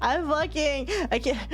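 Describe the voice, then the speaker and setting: A young woman streaming a game in casual chat, laughing constantly and swearing freely. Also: extremely high pitch. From United States.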